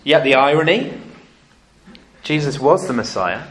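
A man preaching a sermon, telling stories lively and acting out what people said. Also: medium pitch, moderate pace, slight background noise. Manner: lively storytelling, acting out quotes.

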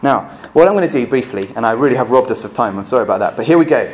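A man preaching a sermon, full of rhetorical questions and swinging between loud emphasis and hushed asides. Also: mid-range voice, expressive, racing. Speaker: pastor.

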